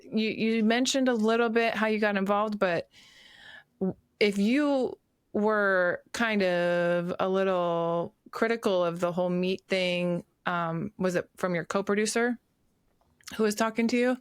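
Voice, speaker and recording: A woman's voice: mid-range voice, a little slow, clear, resonant tone, no room sound, clean studio sound. A woman hosting a podcast, asking long, winding questions with hesitant fillers. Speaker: podcast host. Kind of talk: casual interview chat.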